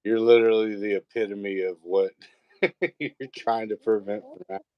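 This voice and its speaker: Low-voiced easygoing man telling stories. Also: little pitch movement, normal speed, clean tone, no echo, lo-fi sound. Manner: easygoing storyteller, swears casually. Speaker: co-host. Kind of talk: casual chat.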